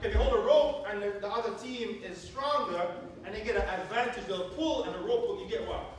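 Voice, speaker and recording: High-voiced preacher in an echoey church. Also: male voice, brisk, slight background noise. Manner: animated, asks the congregation to fill in words. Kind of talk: call-and-response sermon. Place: church sanctuary with congregation. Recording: echoey church from far off, crowd.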